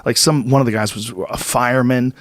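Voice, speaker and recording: Recorded dry in a podcast studio, a Boston-area host in his fifties chats casually with a medium-pitched voice, a little on the fast side. His storytelling is profane and animated, and his excitement keeps climbing.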